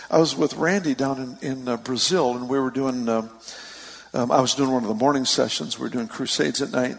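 A man preaching a sermon, telling stories with lively emphasis and easy laughs. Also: mid-range voice, gravelly. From San Francisco Bay Area. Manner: storytelling, animated with laughs and rising emphasis. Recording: long hall reverb.

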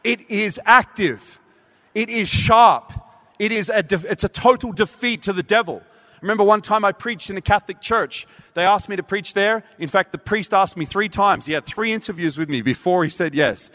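A man preaching a sermon, telling a story with animated delivery and acting out voices. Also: high-pitched, normal speed. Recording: reverberant hall.

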